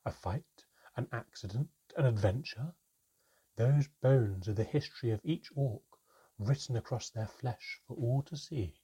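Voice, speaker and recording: Man doing an older goblin woman, terse, wry, slow, husky dark voice. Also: medium pitch, pitched above the performer's own voice. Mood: measured. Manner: slow, quiet and measured.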